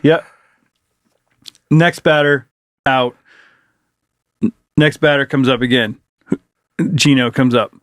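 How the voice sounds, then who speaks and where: A man in his forties telling a story in a casual podcast chat, profane and excitable, breaking into shouted reenactments. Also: medium pitch, slow, long pauses, no echo, studio quality. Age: 40s. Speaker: podcast co-host.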